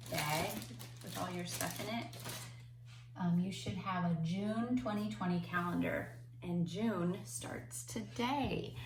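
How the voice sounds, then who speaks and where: A woman teaching kindergarten remotely from home, speaking slowly and patiently in simple words for young children. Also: lowish voice, roomy sound, background noise. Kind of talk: remote class lesson.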